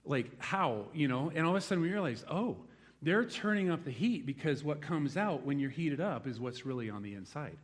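A man in his forties preaching a sermon to a congregation, telling a lively story from his rural youth and then growing quiet and reflective. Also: fairly high pitch, fairly quick. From rural United States. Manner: animated storytelling, swings from loud exclaims to hushed reflection. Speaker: pastor. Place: church hall before a congregation.

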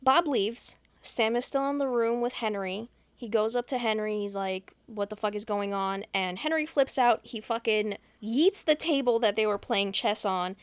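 A woman's voice: a little high, normal speed, few pauses, clear, resonant tone, dry recording. Profane woman recapping a movie. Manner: profane, deadpan plot retelling. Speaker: podcast host. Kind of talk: casual movie recap chat.

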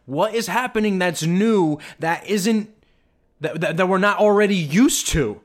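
A man's voice: high voice, unhurried. A man hosting a podcast, delivering a sarcastic, indignant rant as commentary. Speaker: podcast host. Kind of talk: ranting commentary.

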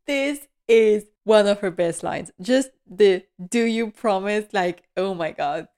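A woman's voice: mid-range voice, expressive, slow, darkish tone, clean tone. A woman giving a casual, chatty, gushing recap of a television episode, often laughing as she talks. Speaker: TV recap vlogger.

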